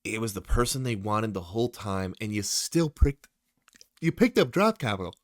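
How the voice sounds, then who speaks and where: Low-voiced man giving excited draft takes. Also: normal speed, no echo, clean studio sound. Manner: opinionated, excitable, talks to the viewer. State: tired, late at night. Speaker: sports YouTuber. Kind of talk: casual draft commentary.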